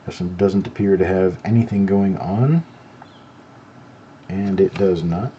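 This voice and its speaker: A middle-aged man with a deep, dark voice hosts a live show, chatting easily at a measured pace as he examines coins one by one. He has no southern accent and is not from North Carolina. The audio is dull, with slight background noise.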